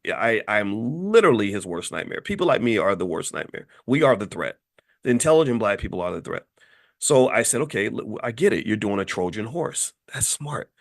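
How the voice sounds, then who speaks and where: A man giving an emphatic, animated monologue in casual commentary, often repeating himself and swinging from low, quiet lines to high, loud ones. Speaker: commentator on Black economics.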